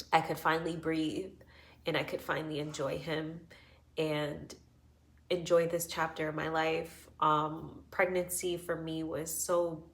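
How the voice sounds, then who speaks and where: A woman in her thirties with a low voice tells her birth story to camera. She speaks earnestly and reassuringly, with many fillers, and her voice is close to tears. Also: creaky.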